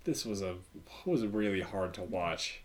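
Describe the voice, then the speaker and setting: A man's voice: low-pitched, animated, a little slow. A man co-hosting a casual podcast, easygoing and loose, often saying dude. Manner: easygoing, says dude a lot, reads reviews aloud. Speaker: podcast co-host. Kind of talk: casual chat.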